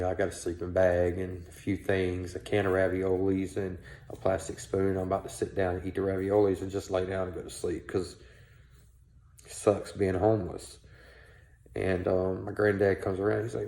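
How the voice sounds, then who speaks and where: A man with a drawl recounts his past in a blunt, candid way, swearing freely. His voice is low and gravelly, with a dark tone. The room adds a noticeable echo. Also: little pitch movement, normal speed. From South Carolina, US. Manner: candid, blunt, laced with profanity. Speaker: storyteller, show host. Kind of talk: personal storytelling.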